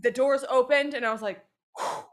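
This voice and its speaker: Woman podcast co-host, casual storytelling, rambling and animated, fairly high voice, swears freely. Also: normal speed.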